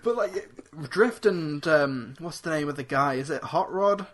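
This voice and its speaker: Male podcast co-host, slightly higher voice, casual rambling film critique with lots of restarts. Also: a little slow, a bit bright. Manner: rambling, restarts often, quotes lines in put-on voices. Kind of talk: casual movie review chat.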